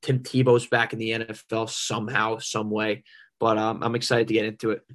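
A man's voice: on the low side, completely flat delivery, a little fast, a bit bright. A young man co-hosting a sports podcast, talking with enthusiasm and frequent stammered restarts. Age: young adult. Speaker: podcast co-host. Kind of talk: casual sports podcast chat.

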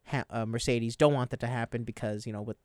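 Smooth-voiced man recapping a race. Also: medium pitch, fast talker, no room sound, studio quality. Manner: animated, recounts race events in detail. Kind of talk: casual sports chat.

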